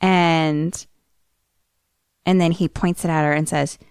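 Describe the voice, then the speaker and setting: Young woman excitedly recapping a film. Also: slow, clean tone, dry recording, studio quality. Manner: animated retelling, acts out characters' lines with sudden jumps in pitch. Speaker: podcast co-host retelling a film. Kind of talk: casual chat, recapping a movie plot.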